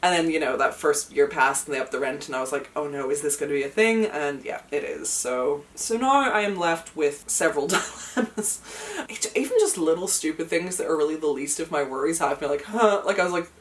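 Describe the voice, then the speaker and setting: A woman's voice: deep voice, brisk, distant mic, slight background noise. Emotional chatty woman vlogging. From United Kingdom. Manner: chatty, emotional, many fillers, laughs through hard moments. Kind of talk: casual chat to camera. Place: at home, indoors.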